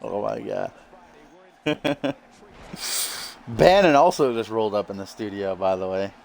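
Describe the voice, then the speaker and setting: A man with a fairly low voice calls wrestling game matches in a loose, joking way. He swears freely and a light hiss of background noise sits under his voice. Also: huge pitch swings, a little slow, vocal fry, a little mellow. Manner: joking, profane, laughs often. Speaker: host and commentator. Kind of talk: casual let's-play wrestling commentary.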